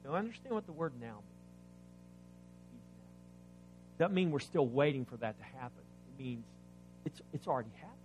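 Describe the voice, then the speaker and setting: A man preaching a sermon, reading scripture aloud and explaining it, asking the congregation questions, swinging between loud emphasis and quiet asides. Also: a little high. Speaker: pastor.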